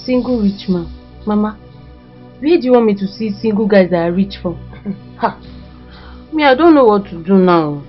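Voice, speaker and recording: An actress playing a young daughter defending herself, pleading. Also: female voice, mid-range voice, animated, normal speed, pauses often, dull audio, faint music behind, natural voice. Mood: defensive.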